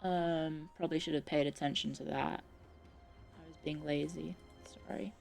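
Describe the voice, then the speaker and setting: A woman's voice: low voice, fairly even intonation, unhurried, vocal fry, darkish tone, faint music behind. A woman streamer giving casual, chatty commentary while playing a strategy game, muttering to herself and swearing now and then.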